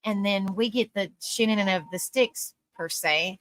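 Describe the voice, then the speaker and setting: A woman's voice: medium pitch, a little slow, fairly bright tone, dry recording. A woman hosting a live online panel, talking casually and earnestly in a rambling way, full of "you know" fillers. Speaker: live-stream panel host. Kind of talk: casual live-stream talk.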